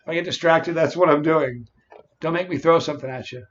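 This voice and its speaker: Man, a touch high-voiced, chatty stream host, dull lo-fi audio. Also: fairly quick, a bit bright. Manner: chatty, greets viewers by name. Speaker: livestream host. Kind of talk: casual livestream chat.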